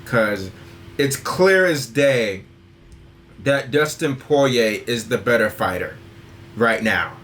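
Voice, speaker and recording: A young man hosting a casual podcast, rambling through his opinions in an easygoing way. His voice sits at an ordinary middle pitch and keeps circling back with filler phrases. Faint background noise is in the recording. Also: expressive, slow, long pauses, fairly bright tone. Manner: rambling, says "and stuff like that" constantly. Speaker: podcast host.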